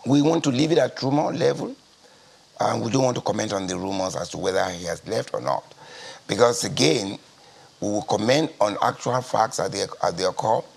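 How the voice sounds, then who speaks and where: A Nigerian man speaking as a party spokesman in a news interview, measured and deliberate, often repeating his key phrases. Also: on the low side, expressive. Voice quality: gravelly, husky. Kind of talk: guarded TV news interview answers.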